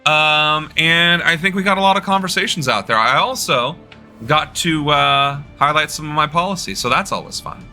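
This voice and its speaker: Bright-voiced man chatting on a stream. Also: fairly high pitch, moderate pace, soft background music. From United States. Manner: loose, joking, talking to chat. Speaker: political streamer. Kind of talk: casual live-stream chat while gaming.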